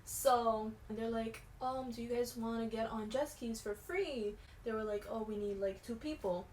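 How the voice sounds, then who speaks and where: A young woman vlogger telling a storytime in casual slangy chat, animated, dropping to hushed tones and rising to shouts. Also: a little high, moderate pace. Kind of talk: storytime vlog. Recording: echoey room with faint noise.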